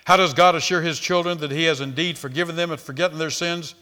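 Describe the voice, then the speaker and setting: A man preaching a sermon, swinging between loud emphasis and hushed tones, and repeating words as he speaks off the cuff. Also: a little high, fairly even intonation, fast talker.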